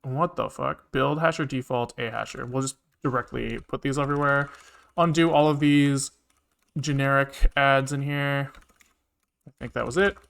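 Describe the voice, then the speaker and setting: A man's voice: mid-range voice, fairly even intonation, moderate pace, vocal fry, a bit bright, smooth. A man live-streaming his programming, thinking aloud and muttering to himself with casual swearing, keyboard clicks behind him. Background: keyboard typing and clicking.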